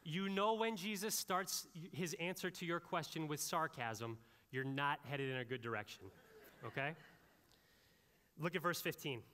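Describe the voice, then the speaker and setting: A male pastor preaching a sermon, with animated, conversational delivery and frequent asides to the congregation. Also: a little high, unhurried, long reverb tail.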